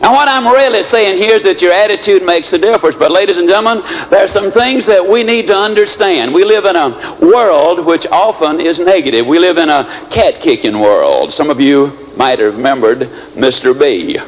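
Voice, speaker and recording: A man from the American South giving a motivational speech, telling stories and acting out the people in them with big swings in pitch and pace. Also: moderate pace, few pauses, low-quality recording. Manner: animated, acts out characters with big swings in pitch and speed. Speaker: motivational speaker.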